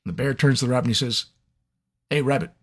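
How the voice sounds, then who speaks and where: This man narrates audiobooks and here answers fan questions on a live stream, playfully telling stories with animation. His medium-pitched voice is slightly rough, and he talks very fast.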